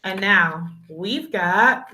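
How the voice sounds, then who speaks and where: A woman teaching a video lesson to young children, speaking in a slow, encouraging, sing-song way and calling them her dears and superstars. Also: medium pitch, lively intonation, sharp tone. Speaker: kindergarten teacher.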